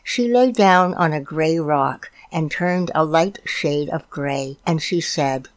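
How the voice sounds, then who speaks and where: A woman reading a children's picture book aloud, gently explaining things for young listeners. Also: low voice, slow pace. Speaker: storytime reader.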